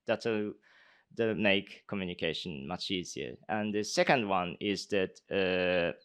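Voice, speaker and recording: Slow, halting young man. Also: fairly low pitch, fairly bright tone, smooth. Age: young adult. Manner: halting, many pauses and fillers. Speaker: speech contestant answering judges. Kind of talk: live Q&A answers.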